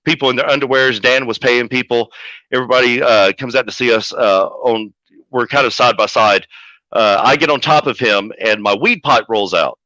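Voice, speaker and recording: A man who manages pro wrestlers, telling a story as a podcast guest in a profane, animated way. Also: medium pitch, moderate pace, no echo. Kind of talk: casual storytelling. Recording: dull lo-fi audio.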